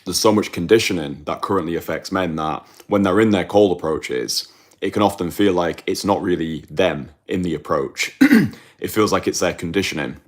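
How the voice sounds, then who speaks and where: A man talking straight to the camera as a dating coach, blunt and emphatic, repeating phrases for effect and clearing his throat now and then. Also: sits low, moderate pace. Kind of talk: direct-to-camera monologue.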